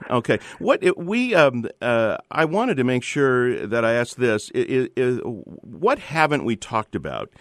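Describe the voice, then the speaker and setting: A man hosting a call-in radio show, halting and searching for words. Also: mid-range voice, big pitch swings, no room sound. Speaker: radio host.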